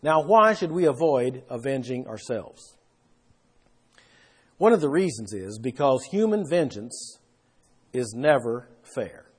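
A man's voice: medium pitch, sing-song, slow, pauses often, breathy edge. A man preaching a Bible sermon, explaining verses with emphatic rises in his voice. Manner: emphatic, rising for stress.

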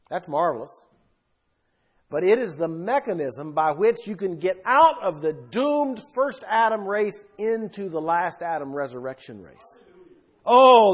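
Emphatic high-voiced preacher. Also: male voice, husky. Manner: emphatic, swinging between loud bursts and quiet asides. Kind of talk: sermon.

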